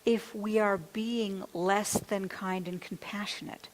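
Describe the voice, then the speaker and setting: A woman's voice: mid-range voice, fairly even intonation, takes it slowly. A woman minister gives a sermon, telling a candid, confessional personal story and quoting her own thoughts aloud. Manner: candid, confessional storytelling with quoted self-talk. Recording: long hall reverb.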